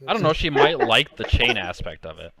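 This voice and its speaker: A man's voice: medium pitch, big pitch swings, brisk, very noisy. A man playing at a tabletop game, dry and wry. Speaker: player. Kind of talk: casual chat at a game table.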